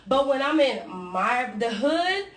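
A woman's voice: high-pitched, slow pace, echoey room. Brassy New York woman ranting. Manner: loud, profane, animated ranting. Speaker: podcast co-host. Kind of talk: casual chat.

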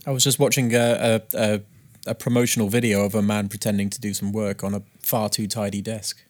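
A man co-hosting a podcast, with dry deadpan humour and occasional bursts of surprise. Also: lowish voice, a little fast. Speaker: podcast co-host. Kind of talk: casual podcast chat.

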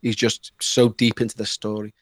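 A man with a Liverpool accent, a podcast guest telling a story in an animated, excitable way and mimicking the people in it. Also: lowish voice, normal speed, no echo, clean studio sound. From Liverpool, England. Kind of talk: casual storytelling.

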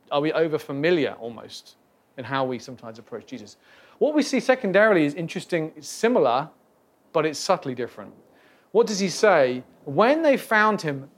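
Reflective man, slightly high voice. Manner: conversational, reflective, with many restarts and fillers. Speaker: Bible teacher. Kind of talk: casual Bible study talk.

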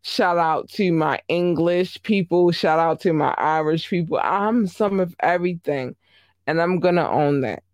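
A man giving a casual vlog monologue, animated and emphatic, often repeating himself. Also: a little high, a little slow, no room sound, studio quality.

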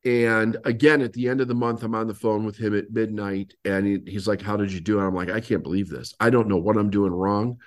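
A man's voice: lowish voice, brisk, few pauses. Man telling a story animatedly. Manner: animated storyteller, acts out past dialogue. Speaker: guest, business coach. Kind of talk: storytelling in a podcast interview.

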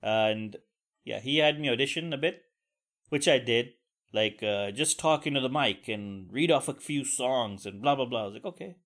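On his solo podcast, a young man rambles through a profane story and vents with crude asides. His mid-range voice moves at a moderate pace and has a slightly bright quality.

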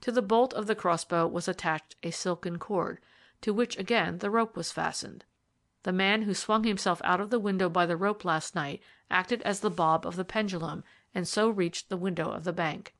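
A woman narrating a period detective story in a steady, measured reading style. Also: fairly low pitch. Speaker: audiobook reader. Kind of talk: scripted narration.

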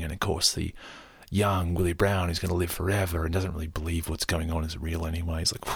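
A man's voice: deep voice, monotone, brisk, creaky, breathy edge, no echo, clean studio sound. A man casually retelling a film scene in a loose, rambling way, with many fillers.

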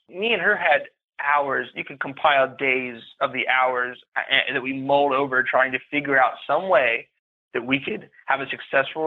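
A man telling his own story as a podcast guest, speaking haltingly and often repeating or restarting phrases. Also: mid-range voice. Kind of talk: personal story in interview. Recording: tinny phone-like line.

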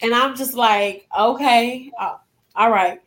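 Higher-voiced young woman recounting a loss. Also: slow, a bit bright. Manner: emotional retelling with acted-out quotes. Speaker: guest. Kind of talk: personal storytelling.

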